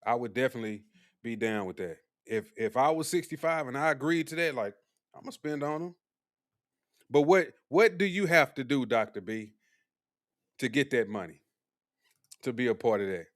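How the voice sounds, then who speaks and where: Young guy streamer ribbing chat, mid-pitched, casual. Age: young adult. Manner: animated, teasing, talks back to chat.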